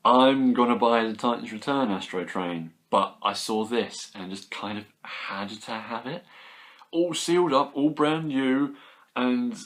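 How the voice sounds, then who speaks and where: A young British man chatting casually about his toy haul, enthusiastic and rambling, with quick asides. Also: medium pitch, fairly bright tone. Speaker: toy collector vlogger. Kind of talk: casual chat.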